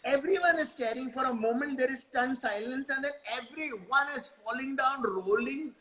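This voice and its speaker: A man with an Indian English accent telling an improvised funny story on a live stream, animated and slipping Hindi into his English. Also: extremely high pitch, moderate pace, noisy background.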